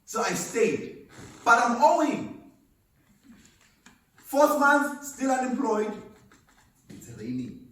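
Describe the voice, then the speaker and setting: A man's voice: very high voice, big pitch swings, takes it slowly, long pauses, fairly bright tone. A man giving an emphatic, storytelling talk at a seminar, recorded from a distance in an echoey hall. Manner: storytelling, emphatic, laughs at himself. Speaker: motivational speaker. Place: seminar venue.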